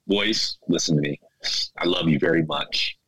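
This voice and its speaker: A man speaking to his old teammates, tearful, halting and repeating himself as he pours out heartfelt thanks and apology. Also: deep voice, a bit bright, breathy edge, poor audio. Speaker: former teammate, guest. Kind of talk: emotional heartfelt confession.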